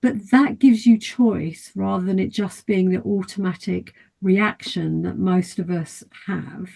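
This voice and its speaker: Husky, gravelly woman explaining calmly. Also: medium pitch, a little slow. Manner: calm, steady teaching tone; acts out quoted inner thoughts in brief asides. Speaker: life and mindset therapist, guest. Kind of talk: podcast interview, explaining at length.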